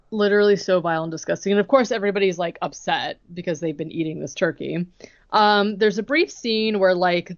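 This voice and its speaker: A woman with a fairly low voice co-hosts a podcast, casually recapping a movie scene by scene on a muffled recording with no echo. She's chatty and says "like" constantly, acting out the characters' lines along with her own reactions.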